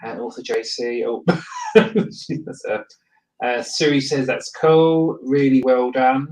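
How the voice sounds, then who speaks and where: A man hosting a live stream, relaxed and a little hesitant as he reads out viewer comments. A faint hiss sits under his voice. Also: medium pitch, slow pace, poor audio. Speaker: host.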